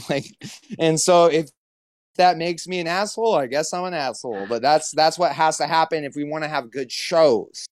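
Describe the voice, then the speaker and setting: A man's voice: a little high, moderate pace, no echo. A man hosting a podcast, ranting and joking in casual, profane banter. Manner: animated, profane, joking rants. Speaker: podcast host.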